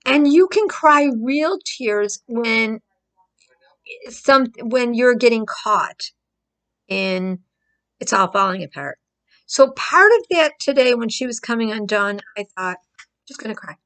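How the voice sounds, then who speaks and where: A woman's voice: a little high, expressive, slow, a bit bright. A woman vlogger talking to camera in casual commentary, emphatic and prone to repeating herself for stress.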